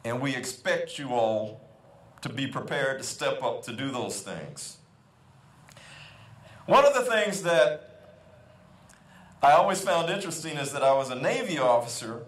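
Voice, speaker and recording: A man's voice: on the high side, lively intonation, moderate pace, pauses often, fairly bright tone. Man giving an exhorting keynote, echoey hall. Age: 50s. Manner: exhorting, storytelling, emphatic repetition. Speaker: keynote speaker. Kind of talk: ceremonial keynote speech. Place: school convocation hall.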